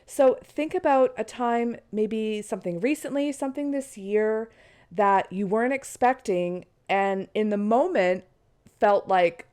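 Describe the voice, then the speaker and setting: A woman's voice: medium pitch, unhurried, darkish tone. A woman hosting her own podcast, chatty and encouraging, her voice stuffy and nasal from a cold, recording from bed at home. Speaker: podcast host. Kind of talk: casual solo podcast talk.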